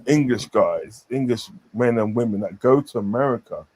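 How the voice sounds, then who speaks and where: A man's voice: mid-range voice, animated, moderate pace, a little mellow. A man chatting casually on a stream, rambling with many fillers and repeated phrases. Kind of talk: casual chat.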